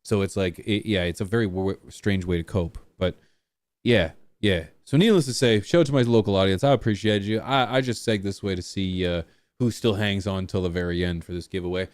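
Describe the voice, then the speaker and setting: A man's voice: low voice, steady tone, brisk, a little mellow, no room sound. A man who streams, chatting casually and jokingly with his partner and viewers. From small rural town. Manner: rambling, self-deprecating, jokey. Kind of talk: casual livestream chat.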